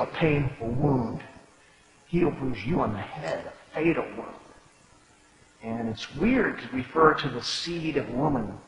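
Bright-voiced preacher in an echoey hall. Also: male voice, mid-range voice. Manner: explanatory, conversational, reads scripture aloud. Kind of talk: sermon. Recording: echoey hall with long reverb.

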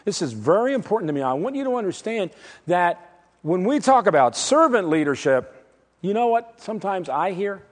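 A man preaching in a fairly high voice that swings widely in pitch. He is emphatic and dramatic, moving from loud declarations down to hushed, slow words. A long reverb from the large hall trails after each phrase. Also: very animated. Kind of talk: sermon.

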